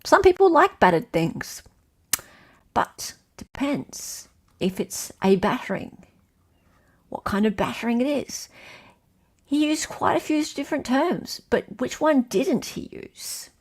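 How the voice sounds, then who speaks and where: A woman's voice: high-pitched, expressive, slow. A woman with an Australian accent hosting a casual livestream, chatting loosely and reading out quiz questions in a sing-song list. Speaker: livestream host.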